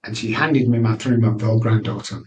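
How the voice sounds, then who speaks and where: A middle-aged guest from Manchester, England, tells his story in an interview, his fairly low, darkish voice keeping fairly even intonation at a moderate pace. Earnest and candid, he restarts frequently and sits somewhat away from the mic. Slight background noise can be heard.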